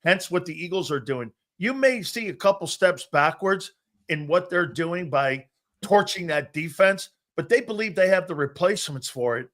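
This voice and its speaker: A middle-aged man hosting a sports talk show, telling loud, brash stories and acting out what coaches said. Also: sits high, expressive, moderate pace. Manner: loud, brash storyteller who acts out quotes. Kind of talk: casual sports talk, storytelling.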